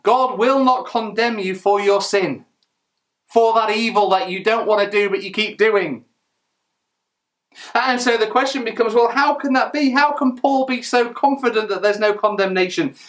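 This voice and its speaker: A man's voice: high-pitched, a bit bright. Earnest man preaching a sermon. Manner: earnest, emphatic, with rhetorical questions and small restarts.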